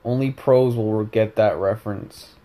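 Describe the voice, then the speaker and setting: This young man hosts a gaming video, casually commentating on his own gameplay while joking around. His voice is mellow and fairly low, with a measured pace, and he rambles and corrects himself as he goes.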